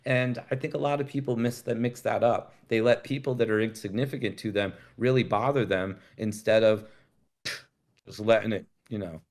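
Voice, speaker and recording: A man's voice: fairly low pitch, normal speed, darkish tone. A middle-aged man telling long stories in casual conversation, rambling and cursing freely. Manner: rambling, profane, laid-back storytelling. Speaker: guest.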